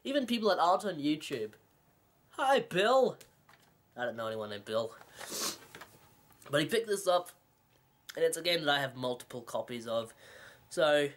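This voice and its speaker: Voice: mid-range voice, sing-song. Casual vlogger, rambling, sarcastic, self-mocking, game collector showing a haul. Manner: rambling, joking and sarcastic, with frequent laughs; self-mocking asides and quick restarts.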